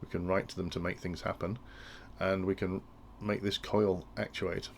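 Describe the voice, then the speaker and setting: A man's voice: deep voice, little pitch movement, normal speed, creaky, slight background noise. A man explaining industrial control logic in a tutorial, thinking aloud and often restarting his sentences. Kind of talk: technical tutorial walkthrough.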